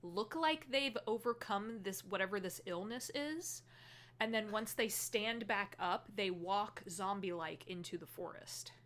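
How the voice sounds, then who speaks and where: A woman's voice: mid-range voice, a little slow, fairly bright tone. A woman running a tabletop role-playing game as game master, narrating with frequent fillers and laughs. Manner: laughs often, hesitant fillers.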